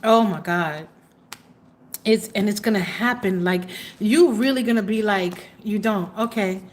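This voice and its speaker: A woman's voice: mid-range voice, measured pace, a little hiss or hum. A woman hosting a live tarot reading, chatty and exclamatory, trailing off into fillers as she reads cards for viewers. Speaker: tarot reader and livestream host.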